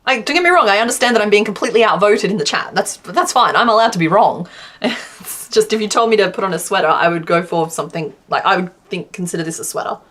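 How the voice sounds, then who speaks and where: A fast-talking young adult woman with a slightly bright, medium-pitched voice reads chat while crocheting on a live stream. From southwest Western Australia and carrying its accent, she's laid-back, self-mocking, and quick to laugh.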